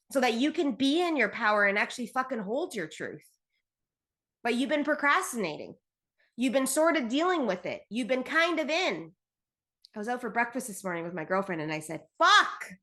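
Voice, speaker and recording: A woman hosting a solo spiritual podcast, talking bluntly and passionately, swearing freely and slowing down to stress her points. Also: on the high side, big pitch swings, a bit bright. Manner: intense, emphatic, slows to stress points. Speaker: podcast host.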